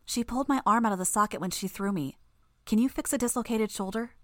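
A woman's voice: a little high, fast talker, fairly bright tone, dry recording, clean studio sound, pitched above the performer's own voice, natural voice. A woman voicing a smug young female villain who is injured and talks through the pain. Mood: strained. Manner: strained, clipped, knowing.

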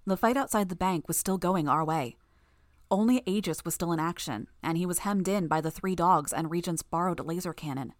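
Low-voiced woman narrating an audiobook. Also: a little fast, no echo, studio quality. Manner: steady first-person storytelling.

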